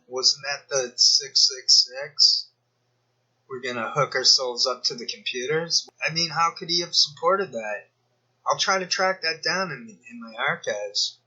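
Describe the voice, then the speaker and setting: Sarcastic rambling man, husky and bright. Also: on the high side, dull audio. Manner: sarcastic, digressive, mocking asides. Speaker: commentary YouTuber. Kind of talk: rambling screen-share commentary.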